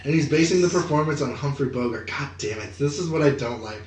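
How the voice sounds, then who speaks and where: A man co-hosting a podcast, chatting casually about movie news, animated and profane, with lots of filler words. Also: medium pitch, fast talker, slight background noise. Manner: swearing, animated, many "like" fillers. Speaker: podcast co-host. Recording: echoey room.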